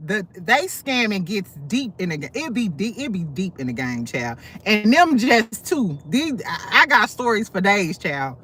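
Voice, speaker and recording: A woman's voice: medium pitch, sing-song, a little slow, hardly any pauses, a bit bright, breathy edge. A woman host on a casual livestream, telling blunt, profane gossip stories full of asides. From St. Louis. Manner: sassy, blunt, profane storytelling with many asides.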